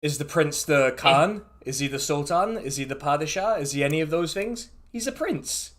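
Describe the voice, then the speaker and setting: A man's voice: on the high side, moderate pace. Laughing man running a tabletop game. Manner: relaxed, laughing, many fillers. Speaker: dungeon master.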